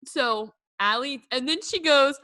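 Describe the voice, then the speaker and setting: A woman's voice: high-pitched, measured pace, pushed and bright, no room sound. A young woman co-hosting a podcast, telling a story in casual chat, filling her talk with "like". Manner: chatty storyteller, heavy use of "like". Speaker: podcast co-host.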